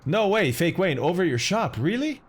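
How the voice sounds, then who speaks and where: A man's voice: high voice, big pitch swings, moderate pace, husky. A man streaming a flight simulator in casual live chat, greeting viewers and explaining as he goes.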